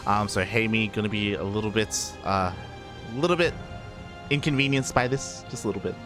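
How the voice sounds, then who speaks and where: A man's voice: on the low side, fairly quick, over music. A man casting a live esports match, chatty, with many fillers and frequent laughs. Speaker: esports caster. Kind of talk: live game commentary.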